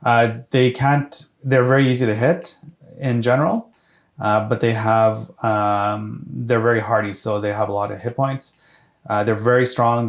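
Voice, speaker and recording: A man running a tabletop game as game master, losing his voice and talking with many restarts. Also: mid-range voice. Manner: halting, full of restarts and fillers. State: losing his voice, clearing his throat.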